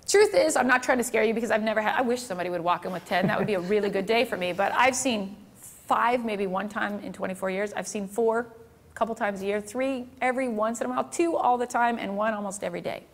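A woman's voice: mid-range voice, quick pace. A middle-aged woman, a photographer, teaching a workshop in a chatty, candid way, telling stories and asking the audience questions. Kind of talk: seminar talk with storytelling.

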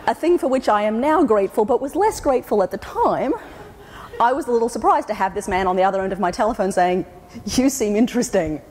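A woman's voice: medium pitch, lively intonation, fast talker, darkish tone, a little hiss or hum. An Australian woman gives a funny keynote on a conference stage. She tells wry anecdotes and pops into other people's voices as she goes, and her voice carries with a long echo through a large hall. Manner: wry storytelling, acting out quoted voices. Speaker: keynote speaker. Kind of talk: humorous conference talk.

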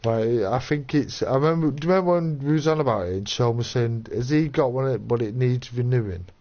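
A man's voice: medium pitch, fairly quick, a little mellow. A man streaming a game, bantering and teasing his friends over voice chat. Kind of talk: casual chat. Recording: dull lo-fi voice chat.

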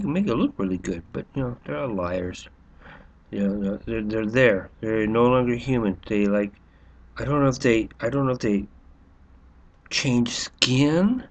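A man rambling through a sarcastic monologue, full of restarts and fillers. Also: lowish voice. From United States. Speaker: vlogger.

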